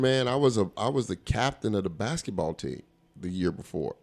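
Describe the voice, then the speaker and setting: A low-pitched man tells stories in a relaxed interview. He talks like a stand-up comedian, acting out the people in his stories. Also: a little fast, gravelly. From Colorado. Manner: animated storyteller, acts out quoted voices, laughs often. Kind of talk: casual storytelling interview.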